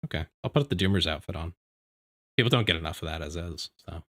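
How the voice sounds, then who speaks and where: A man streaming from home, chatting casually with his viewers in a rambling, animated way, often restarting his sentences. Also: sits low, fast talker. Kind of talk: casual livestream chat. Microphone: desk microphone.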